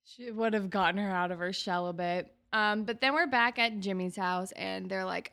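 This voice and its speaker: A woman co-hosting a casual recap chat, her voice bright and edged with a gravelly fry. She acts out the characters' lines with big leaps up in her voice. She talks at a middle pitch for a woman. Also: moderate pace. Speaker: podcast co-host.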